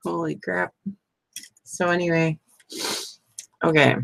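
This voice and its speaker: A woman's voice: low-pitched, steady tone, slow, gravelly, a little hiss or hum. A middle-aged woman chatting casually and sleepily on a live stream, rambling and asking "you know what I mean" often. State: sleepy, yawning. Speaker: crafting channel host.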